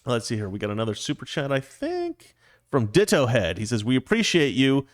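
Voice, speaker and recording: A man's voice: medium pitch, huge pitch swings, fairly quick, dry recording, studio quality. A man in his forties hosting a casual livestream, reading viewer messages and rambling with many restarts and fillers. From United States. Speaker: livestream host reading super chats.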